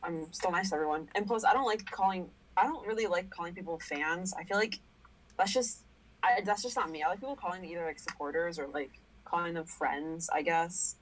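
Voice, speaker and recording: A woman's voice: on the low side, a little fast, poor audio. A young woman on a casual podcast, talking hesitantly with lots of fillers. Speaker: podcast guest.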